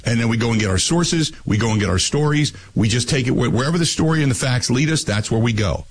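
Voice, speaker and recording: A man's voice: medium pitch, lively intonation, fast talker, slight background noise, rough recording. Blustery ranting sports radio man. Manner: loud, blustery ranting with crude insults.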